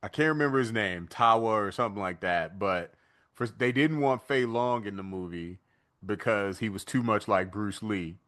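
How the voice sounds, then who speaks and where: A man co-hosting a podcast in casual chat, retelling scenes with lively energy and quick asides. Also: lowish voice. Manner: animated storytelling, acts out movie lines in put-on voices. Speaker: podcast co-host.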